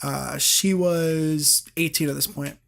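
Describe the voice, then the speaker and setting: A man in his twenties, a podcast guest, telling a story in an animated, halting way with many restarts. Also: a little high, gravelly. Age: 20s. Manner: animated, halting retelling with repeated starts. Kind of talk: casual storytelling.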